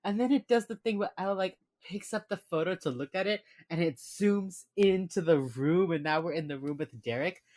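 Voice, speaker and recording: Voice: medium pitch, moderate pace, hardly any pauses, no room sound, clean studio sound. A podcast co-host in casual chat, retelling a TV episode scene by scene and acting out the characters' lines. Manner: animated storyteller who acts out the characters' lines.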